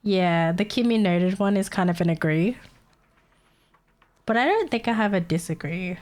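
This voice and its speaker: A woman's voice: mid-range voice, expressive, normal speed, a little mellow. A young woman streaming live, chatting casually with her viewers, chatty and giggly and swearing freely.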